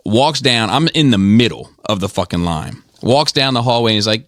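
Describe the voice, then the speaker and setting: A man from Maryland with a low voice tells casual stories on a podcast, swearing freely and acting out the people in them. His voice is recorded dry and close, with no room sound. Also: normal speed, no room sound. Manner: profane, animated retelling with quoted voices. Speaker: podcast host. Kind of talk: casual storytelling.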